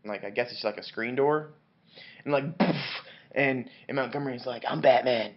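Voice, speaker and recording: A man who has had a good deal of wine retells a novel in a loose, rambling way, swearing freely and tripping over his own restarts. His voice sits at an ordinary middle pitch. The recording sounds dull and lo-fi. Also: moderate pace, noisy background. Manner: rambling, profane, many restarts and fillers. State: drunk on wine. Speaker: book reviewer. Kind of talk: rambling comic book review.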